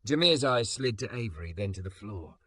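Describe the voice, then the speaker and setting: A man narrating a scripted story in an even, measured reading. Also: lowish voice, no room sound.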